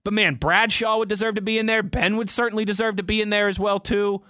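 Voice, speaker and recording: A man's voice: sits high, fairly even intonation, quick pace, sharp tone, clear, resonant tone, no room sound, clean studio sound. A young man hosting a casual sports talk show, answering fan tweets off the cuff in a rambling, conversational way.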